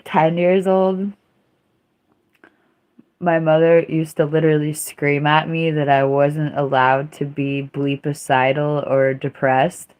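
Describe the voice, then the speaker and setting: A woman with a low, slightly mellow voice livestreams, chatting casually in a rambling, self-mocking way broken up by dramatic outbursts.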